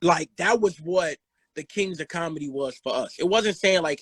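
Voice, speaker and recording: Host guy hyping his friend up, husky and pretty high, dry sound. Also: normal speed, fairly bright tone, no echo. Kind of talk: casual chat.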